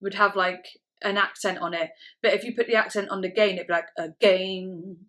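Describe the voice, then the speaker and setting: A woman's voice: medium pitch, fairly even intonation, quick pace, bright, forceful tone. A woman hosting a music reaction video, chatting casually and enthusiastically, often saying "like" as she explains singing technique. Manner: enthusiastic, many "like" fillers, breaks down singing technique. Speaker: music reaction channel host. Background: faint music playing.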